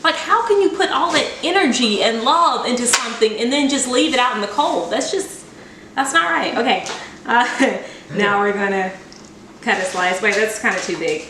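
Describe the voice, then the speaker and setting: On the high side and at a moderate pace, a woman hosting a home cooking video chats playfully while decorating a cake, often self-deprecating. The recording has a noisy background, with echo and a distant mic in her kitchen.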